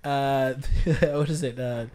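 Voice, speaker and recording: A man's voice: medium pitch, steady tone, slow, darkish tone. A young man co-hosting a casual podcast, joking and rambling with frequent laughter. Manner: jokey, rambling, bursts of laughter. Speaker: podcast co-host.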